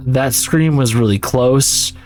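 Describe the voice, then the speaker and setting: Male gaming YouTuber, mid pitch, slow and rambling, casual cursing. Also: over music. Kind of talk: gameplay commentary.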